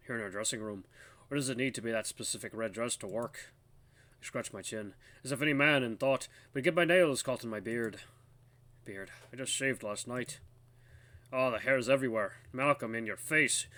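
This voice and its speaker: A man's voice: mid-range voice, normal speed, pushed and bright. A man hosting a gaming channel, reading an interactive story game aloud in the first person and stopping to comment. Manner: first-person narration of the hero, breaks off to laugh and comment.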